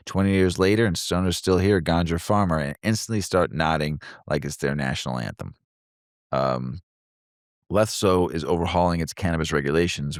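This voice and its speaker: A middle-aged man co-hosting a podcast, reading news headlines and following each with a quick joke, laughing easily. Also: extremely low pitch, dry recording, clean studio sound. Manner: reads headlines then cracks jokes, laughs easily. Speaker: podcast co-host. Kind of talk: casual news rundown with jokes.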